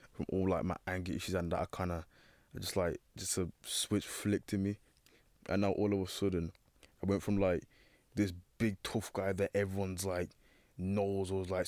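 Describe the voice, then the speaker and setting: A young man, telling a personal story hesitantly in casual chat, full of fillers and pauses. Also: low voice, darkish tone, no room sound. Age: teens. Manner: hesitant, filler-heavy, searching for words. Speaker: young guest.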